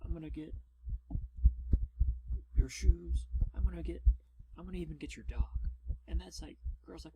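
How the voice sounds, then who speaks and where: A man telling rambling, deadpan stories in a whispered role-play. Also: fairly high pitch, normal speed, pauses often, low-quality recording. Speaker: ASMR storyteller. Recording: loud background noise.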